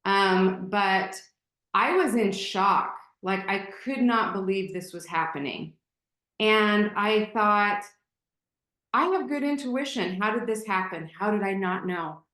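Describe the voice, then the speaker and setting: A woman's voice: mid-range voice, animated, takes it slowly, a bit bright. A woman guest telling a personal story candidly and emotionally, with many fillers and restarts. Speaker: podcast guest. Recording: roomy echo.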